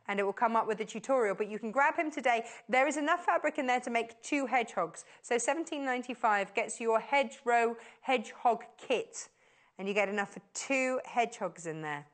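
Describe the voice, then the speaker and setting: A woman talks a little fast as she sells on a shopping channel, live from a TV studio. Bubbling with enthusiasm, she keeps repeating glowing words about the item.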